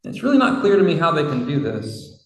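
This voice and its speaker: A man's voice: a little high, very animated, brisk. A man preaching a sermon in a reflective, conversational way, with casual asides. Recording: roomy hall from far off.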